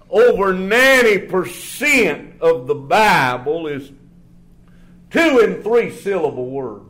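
A man preaching a sermon in a church in a folksy, drawn-out way, often dropping to a low murmur. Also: a bit bright.

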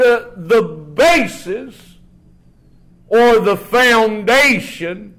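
Slow, folksy preacher man. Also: pushed and bright. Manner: folksy, drawn-out preaching with sudden drops to a low murmur. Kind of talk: sermon. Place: church.

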